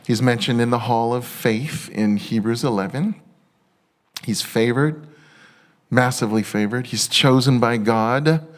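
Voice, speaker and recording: A male pastor preaching a sermon, excitable and halting with many restarts, turning tender and emotional at times. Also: on the low side.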